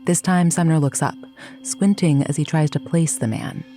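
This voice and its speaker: A woman hosting a podcast, telling history as scripted narration in a measured storytelling manner with dramatic pauses. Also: deep voice, dark tone, soft background music. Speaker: podcast host.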